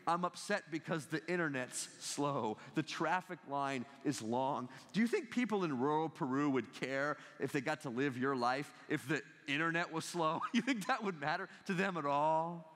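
A middle-aged American man with a slightly high voice gives a motivational talk on a college stage. He tells stories with energy and keeps asking the audience questions. His voice rings out with the long reverb of a large hall. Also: moderate pace, few pauses. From United States. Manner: animated storyteller, asks the audience questions. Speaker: guest speaker, ethics professor.

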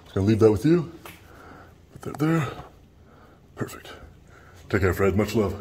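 A man's voice: fairly low pitch, lively intonation, normal speed, a little mellow, slight background noise. A man filming in a public building, talking to officials in a sarcastic, mock-official, joking way. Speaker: first amendment auditor.

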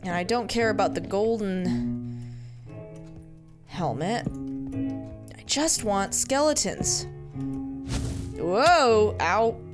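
A woman's voice: medium pitch, very animated, takes it slowly, pauses often, over music. A woman giving casual gameplay commentary, muttering to herself in a playful, easily amused way. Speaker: let's-play gamer.

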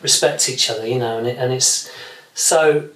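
A man's voice: mid-range voice, normal speed, fairly bright tone. Rambling man in an echoey room. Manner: rambling, many restarts and fillers. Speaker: session guitarist guest. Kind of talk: casual interview chat.

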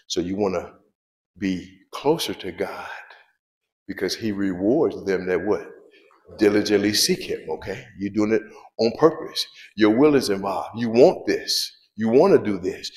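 A man with a low voice preaches to his congregation, repeating key lines and throwing out questions for them to answer. His grammar is loose and conversational. The sound carries the echo of a large church room. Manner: preaching with call-and-response questions and repetition; informal spoken grammar, drops verbs. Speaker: pastor. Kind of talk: sermon.

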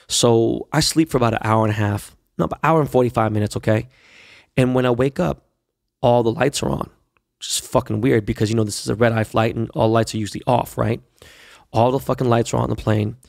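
Man, podcast host, gravelly voice, dry close sound, profane animated storytelling. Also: mid-range voice, dry recording. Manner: profane, animated retelling with quoted dialogue. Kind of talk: casual storytelling monologue.

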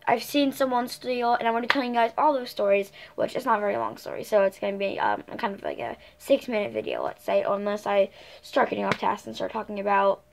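A woman's voice: on the high side, a bit bright. Rambling teen girl telling a storytime. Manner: rambling, self-correcting, lots of fillers. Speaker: vlogger. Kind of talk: casual storytime chat.

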